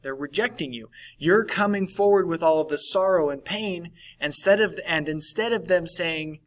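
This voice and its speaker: A man's voice: a little high, moderate pace, few pauses, rough recording. A man teaching a recorded lesson in a conversational way, often checking in with "right?". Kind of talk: recorded class lesson on validation.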